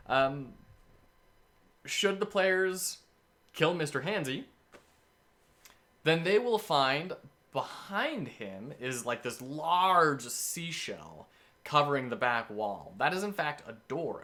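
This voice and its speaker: A man's voice: medium pitch, bright, forceful tone. A man in casual game-prep talk, describing a scenario as game master with enthusiastic, rambling storytelling.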